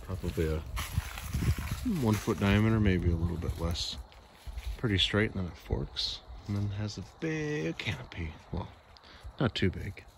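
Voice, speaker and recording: A man chatting casually to his cat while walking through backyard woods and fields. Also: lowish voice. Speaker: cat owner vlogger. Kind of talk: casual walk-and-talk vlog. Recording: outdoor background noise in the woods.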